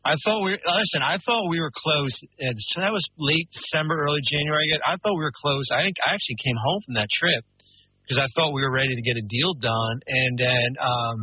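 A man's voice: a little high, a little fast, slightly rough, dry recording. A man telling rambling stories in casual talk-show chat, full of fillers and restarts. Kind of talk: casual storytelling. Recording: muffled radio broadcast.

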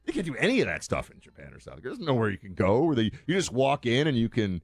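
A man's voice: medium pitch, huge pitch swings, fast talker, vocal fry, husky, dry recording. A man hosting a talk show, chatting casually with many fillers and restarts. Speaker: host.

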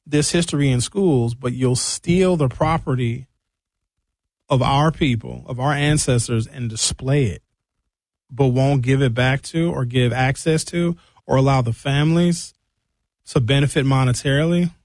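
A man giving an animated, indignant casual monologue, reading figures from his notes with jokey asides. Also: medium pitch, measured pace, dry recording. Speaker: commentator.

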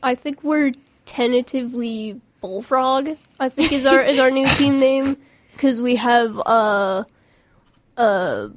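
A woman's voice: high voice, takes it slowly, no room sound. Giggly, rambling young woman. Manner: giggly, rambling, many restarts and fillers. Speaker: podcast co-host, mock trial team member. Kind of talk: casual chat.

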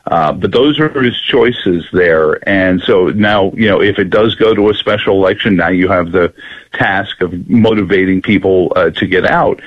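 A man who owns a local radio station, a guest on a political talk show, talking in animated bursts with restarts. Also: low-pitched, normal speed, slightly rough, no room sound, muffled recording. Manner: animated, many fillers and restarts.

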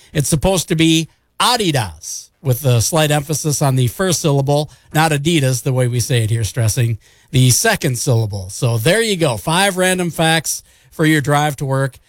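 A man's voice: a little high, dry recording. A male radio DJ with an upbeat, chatty manner, reading fun facts and the weather. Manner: upbeat, chatty, jokes at his own slips. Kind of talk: morning radio patter and weather read.

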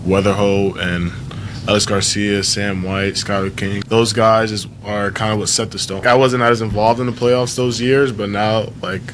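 A young man in his twenties, a college baseball player, giving a relaxed, casual interview. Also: on the low side, normal speed, slight background noise. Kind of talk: sports interview.

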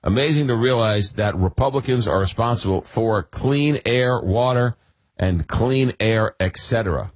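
A man's voice: mid-range voice, a little slow, no room sound. A man hosting a call-in radio talk show, rambling with many fillers and restarts.

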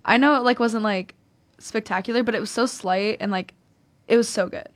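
A woman's voice: fairly high pitch, normal speed, dry recording. A young woman in casual chat, encouraging newer teammates, with a chatty manner and many fillers. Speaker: mock trial team member.

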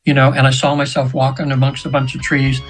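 A man's voice: mid-range voice, monotone, fast talker, faint music behind, low-quality recording. A man in his seventies, a radio show guest, telling a spiritual story in an earnest, meandering way with frequent restarts. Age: 70s.

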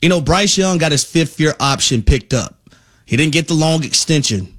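A man co-hosting a sports talk radio show, giving analysis in a measured, emphatic way from a studio. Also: fairly high pitch, lively intonation, a bit bright.

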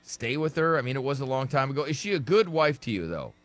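A man's voice: medium pitch, sing-song, fast. A man hosting a talk radio show, blunt and teasing with a caller. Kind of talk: casual talk radio banter.

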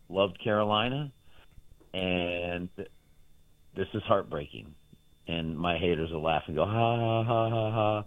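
A man's voice: sits low, no room sound. A man, a sports betting handicapper, telling a rambling, boastful story about his bets in casual chat on a show. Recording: dry, tinny phone line.

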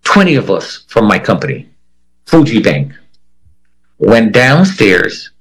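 A man's voice: on the low side, wildly swooping pitch, slow pace, slightly rough, low-quality recording. A man giving a first-person account in an interview, vividly acting out the voices of the people he quotes. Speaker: interviewee telling a personal story.

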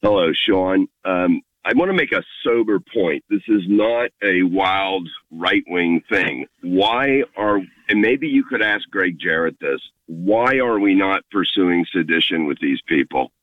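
A man's voice: deep voice, unhurried, no room sound. A man calling in to a radio show, earnest and insistent as he makes his point. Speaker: caller. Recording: phone line.

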